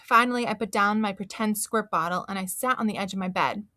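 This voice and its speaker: A woman reading a children's book aloud in an expressive, animated storytelling manner. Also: medium pitch, fast talker, no room sound, clean studio sound.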